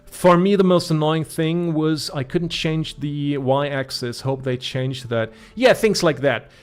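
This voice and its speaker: A man from Germany with a German accent gives casual live-stream commentary as a gaming streamer, rambling with many fillers and restarts. His voice is fairly high and smooth, and he speaks at a slow pace.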